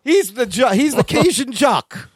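A man with a high voice hosts a podcast with an easy, joking manner and laughs often. The sound is dry and close. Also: big pitch swings, unhurried, slightly rough, no echo. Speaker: podcast host. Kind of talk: casual chat.

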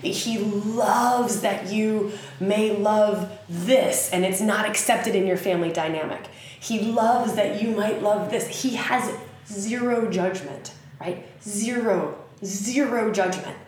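A woman's voice: medium pitch, takes it slowly, darkish tone, a little hiss or hum. A woman giving a casual spiritual talk in an earnest, frank way, swearing casually as she goes. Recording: very echoey room.

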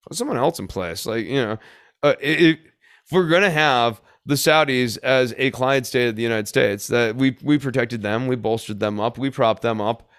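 Male podcast host, mid pitch, solo commentary, blunt and sarcastic, loose with fillers. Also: normal speed, fairly bright tone, clean tone. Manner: blunt, sarcastic, thinking aloud with many fillers.

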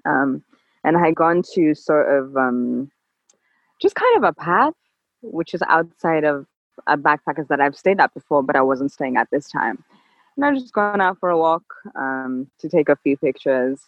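A woman guest on an interview, talking in a calm, level, measured way. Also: sits low, no room sound. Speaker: podcast guest. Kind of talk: casual interview chat. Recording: dull lo-fi dry sound.

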